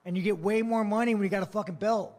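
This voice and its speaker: A man's voice: high voice, fairly even intonation, quick pace, darkish tone. A man answering reporters at a post-fight press conference, blunt, profane and provocative, mocking and laughing at his own jokes.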